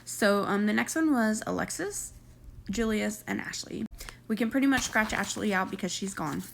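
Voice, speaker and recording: A woman's voice: mid-range voice, lively intonation, moderate pace, gravelly, slight background noise. A young woman casually recapping a reality show episode, chatty and opinionated with gossipy asides.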